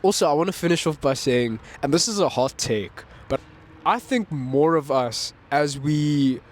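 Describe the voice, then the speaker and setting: A man, a musician making a vlog, talking in a casual, rambling way with frequent laughs and restarts, outdoors. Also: mid-range voice. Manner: rambling, self-correcting, laughs often. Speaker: musician vlogger. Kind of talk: casual reflective monologue. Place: outdoors in a town with birds.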